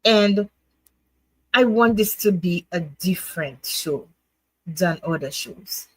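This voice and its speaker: A woman's voice: lowish voice, slow pace, breathy edge, dry recording, rough recording. A woman hosting her own livestream show, chatting to viewers in a grateful, heartfelt way, laughing often and restarting her words. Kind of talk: casual heartfelt chat to viewers.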